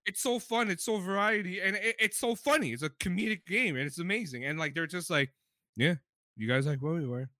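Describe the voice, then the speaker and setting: A young man co-hosting a podcast in casual chat, excitable and profane, often laughing. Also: high-pitched, a little fast, few pauses, no room sound. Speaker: podcast co-host.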